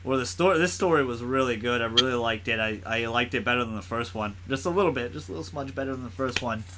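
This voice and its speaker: A man's voice: medium pitch, fast, background noise. A man co-hosting a podcast, rambling through a casual movie chat with lots of laughing and swearing. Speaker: podcast co-host.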